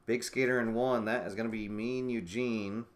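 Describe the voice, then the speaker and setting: A man giving play-by-play commentary on a tabletop roller derby game he is playing, musing with fillers and sudden bursts of excitement. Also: on the low side, moderate pace.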